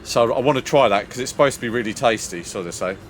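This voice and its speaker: A man's voice: mid-range voice, quick pace. An older man, chatting casually with viewers as a streamer, rambling and laughing often. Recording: faint music behind.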